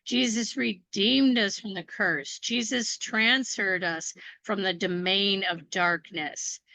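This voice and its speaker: A woman co-leading a faith course, reading a covenant aloud and encouraging listeners in a slow, deliberate way. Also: mid-range voice, creaky, pushed and bright, no echo, rough recording. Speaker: ministry co-teacher.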